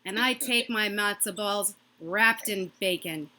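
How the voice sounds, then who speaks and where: A woman doing a stand-up comedy set from her own microphone on a video call, delivering quick, punchy jokes and laughing at her own lines. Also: mid-range voice, heavy background noise. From Massachusetts.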